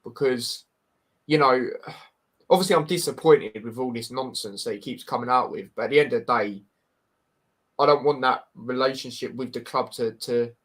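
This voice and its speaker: The voice is mid-range, slightly bright and moderately paced: a Scouse man hosting a laid-back football podcast. He's blunt and frank, keeps restarting and repeating himself, and "mate" comes up constantly.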